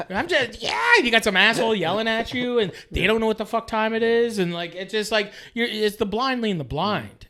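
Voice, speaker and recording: A man from Canada in his late thirties, talking as a guest on a podcast. His voice sits high for a man. He rambles and restarts, swears a lot and leans on "like" constantly. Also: lively intonation, fairly quick, hardly any pauses, bright, forceful tone. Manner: rambling and profane, full of filler "like"s. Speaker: guest chef. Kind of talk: casual podcast chat.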